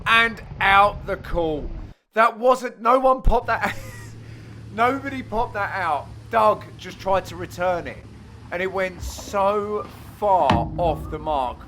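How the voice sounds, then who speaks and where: A man giving jokey voice-over commentary on his own amateur match, teasing his friends with sudden loud exclamations. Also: high voice, takes it slowly, slight background noise. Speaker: player and commentator.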